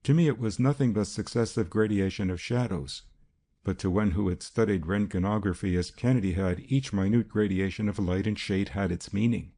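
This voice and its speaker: Gravelly low-voiced male narrator. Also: brisk, mellow. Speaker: audiobook narrator. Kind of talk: scripted narration.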